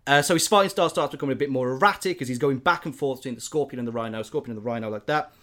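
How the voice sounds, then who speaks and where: A man's voice: mid-range voice, rapid-fire, a bit bright. A man, casually and animatedly retelling a film plot, rambling with lots of fillers.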